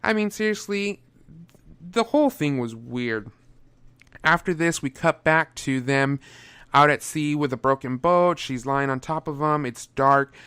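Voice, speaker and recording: A young man talks through a movie review with sarcasm and flashes of exasperation. His voice sits a little high for a man and comes across smooth and clear, recorded dry and close with no room sound. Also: measured pace, no room sound. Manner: exasperated, sarcastic, animated outbursts.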